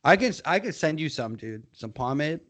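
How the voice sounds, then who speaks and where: A young man co-hosting a casual podcast, talking in a slightly higher register than his friends. He rambles loosely, swears freely and breaks into loud, laughing impressions. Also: very animated, moderate pace. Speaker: podcast co-host. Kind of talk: casual chat.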